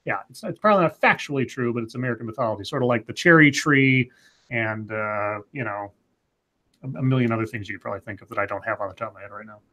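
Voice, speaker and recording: A man in his forties co-hosting a casual livestream, reading viewer comments aloud with halting, stammering restarts. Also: mid-range voice, a bit bright. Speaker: co-host.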